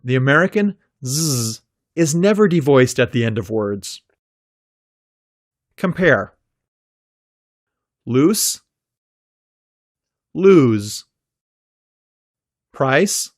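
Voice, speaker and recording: A man narrating a scripted pronunciation lesson, speaking slowly and carefully and drawing out each example sound. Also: mid-range voice, no room sound, clean studio sound. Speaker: pronunciation teacher.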